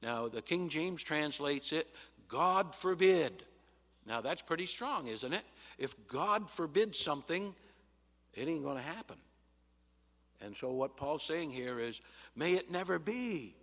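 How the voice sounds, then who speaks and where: A pastor giving a Bible sermon in an emphatic teaching manner, pausing on "uh" and rising sharply on quoted replies. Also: male voice, fairly high pitch, animated, a bit bright. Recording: long hall reverb.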